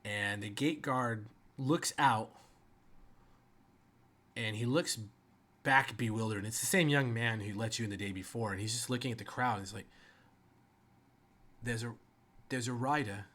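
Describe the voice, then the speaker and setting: A man narrating as game master of a tabletop game, slow and descriptive. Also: on the low side, bright, forceful tone.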